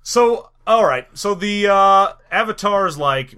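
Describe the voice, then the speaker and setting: A man's voice: sits high, lively intonation, takes it slowly, few pauses, sharp tone, clear, resonant tone. A man co-hosting a casual film review chat, blunt and exasperated, swearing and acting out dialogue. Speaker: podcast co-host reviewing a film.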